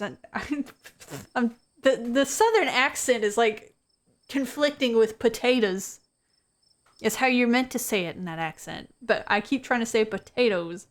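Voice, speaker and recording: A woman streamer reading a visual novel aloud. She is playful and animated, with a fairly high voice. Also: unhurried.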